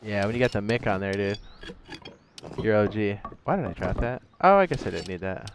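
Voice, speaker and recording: A man's voice: lowish voice, animated, fairly quick, slight background noise. Chatty male game streamer. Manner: rambling, chatty, says "dude" a lot, talks to himself; reads chat messages aloud. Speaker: streamer playing a survival game. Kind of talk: casual live-stream chat.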